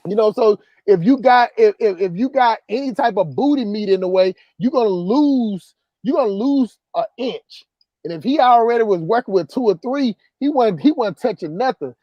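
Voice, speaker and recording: A man's voice: high voice, animated, normal speed, no echo, muffled recording. A man hosting a casual livestream, reading chat comments and telling stories in a loose, repetitive, laughing way. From southern US countryside. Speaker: livestream host.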